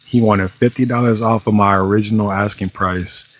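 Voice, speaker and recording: A man's voice: fairly low pitch, fairly even intonation, normal speed, a little hiss or hum, low-quality recording. A young man telling a story in a casual cooking vlog, swearing often and sounding exasperated, with lots of filler words. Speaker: vlogger. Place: home kitchen.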